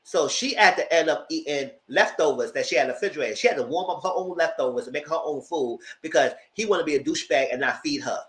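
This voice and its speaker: A man giving a chatty, animated recap of a TV show, talking straight to his viewers. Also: fairly high pitch, quick pace, hardly any pauses. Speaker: vlogger recapping a reality show. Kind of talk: casual commentary. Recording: roomy echo.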